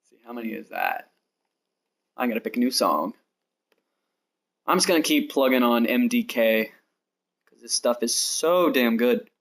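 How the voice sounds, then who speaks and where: A man's voice: mid-range voice, very animated, normal speed, creaky, long pauses. A young American man in his twenties chatting casually with viewers during a live game stream, rambling and talking straight to his audience. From United States. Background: faint background music.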